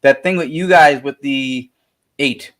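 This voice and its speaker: A man's voice: mid-range voice, fairly quick. A man co-hosting a paranormal talk show, speaking enthusiastically and laughing often. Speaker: paranormal investigator co-host. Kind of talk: casual chat.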